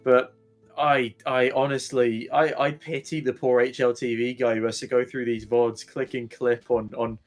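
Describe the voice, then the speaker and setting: A man casting a live esports match, excitable and rambling, a little out of breath, his pitch jumping up when he is thrilled. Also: moderate pace, soft background music. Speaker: esports caster.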